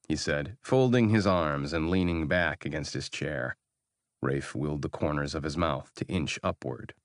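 A male audiobook narrator with a very low voice, reading in a measured, even storytelling manner. The recording is close and dry, with no room sound. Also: dry recording. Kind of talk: scripted narration.

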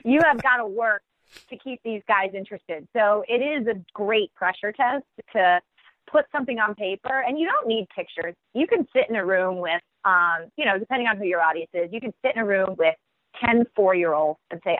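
A woman telling about writing picture books, lively and expressive, slipping into children's voices. Her voice comes through a thin, phone-like line with no room sound around it. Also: mid-range voice, fairly quick, dry recording. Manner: animated, acts out children's voices while telling. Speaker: children's book author. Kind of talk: podcast interview answer.

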